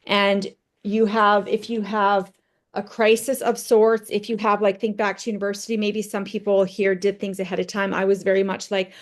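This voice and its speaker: A woman's voice: mid-range voice, little pitch movement, normal speed. A woman leading a team training session in a conversational motivational style, telling personal stories and checking in with "right?". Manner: conversational, tags points with "right?"; tells personal stories to make points.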